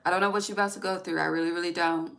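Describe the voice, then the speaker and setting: A woman's voice: on the low side, steady tone, rapid-fire, vocal fry, a bit bright, poor audio. A woman giving a casual tarot reading, chatty and emphatic, swearing freely and talking straight to her viewers. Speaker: tarot reader.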